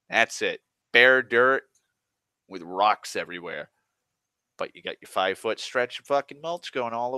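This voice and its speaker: A man's voice: medium pitch, bright, forceful tone, no room sound. A man telling a work story as an exasperated, swearing rant, often restarting his sentences. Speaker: online storyteller. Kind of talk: profane rambling rant.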